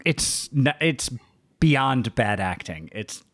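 A man chats on a movie podcast in a wry, laid-back way, rattling off facts with many pauses and fillers. His voice sits in a dry, close recording with no room sound. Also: mid-range voice, animated, fairly bright tone, dry recording. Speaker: podcast co-host. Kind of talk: casual movie review chat.

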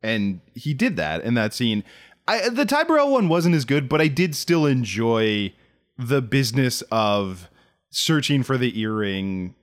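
A man co-hosting a podcast in casual chat, talking in quick animated bursts with frequent restarts. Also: mid-range voice. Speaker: podcast co-host.

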